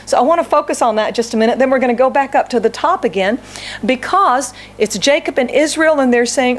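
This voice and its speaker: A middle-aged woman pastor preaches a sermon, putting questions to the congregation and acting out prayers and complaints in quoted voices. Her voice sits high, and she sounds animated and a little fast.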